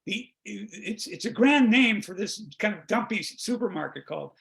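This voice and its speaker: High-voiced gravelly older man telling stories. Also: animated, fairly bright tone. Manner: rambling storyteller, restarts, quick jokes. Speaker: guest, comedy songwriter. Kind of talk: casual interview chat. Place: home, video call. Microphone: video call.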